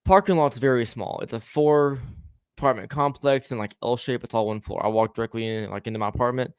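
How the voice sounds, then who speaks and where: Guy rambling through a story on a podcast, stammers a lot, middle pitch, dry close sound. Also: brisk, clear, resonant tone, no echo. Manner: rambling, stammering restarts, swearing, acts out quoted lines. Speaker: podcast co-host telling a story. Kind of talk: casual storytelling chat.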